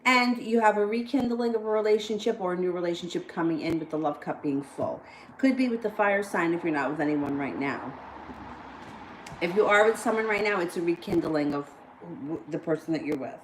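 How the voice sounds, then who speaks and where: A woman's voice: on the low side, fairly quick, slight background noise, rough recording. A woman giving casual live-stream tarot readings, blunt and plain-spoken, swearing freely between cards. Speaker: tarot reader.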